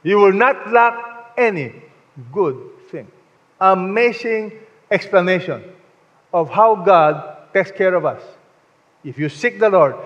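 A man's voice: high-pitched, a bit bright. A man preaching a sermon to a congregation, emphatic and leading them to repeat lines after him. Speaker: pastor. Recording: dull sound with long hall reverb.

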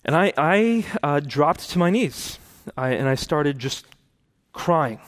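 A man with a slightly high voice preaches from his own life story. He tells it in an earnest, personal way and then climbs into impassioned, emphatic preaching. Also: expressive, slow pace. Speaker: preacher giving his testimony. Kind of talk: testimony sermon.

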